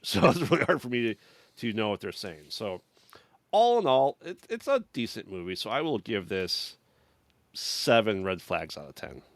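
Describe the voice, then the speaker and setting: A man's voice: on the low side, fairly bright tone, dry recording. A man co-hosting a podcast, recapping a movie in casual chat, rambling and laughing often as he paraphrases characters. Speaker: podcast co-host.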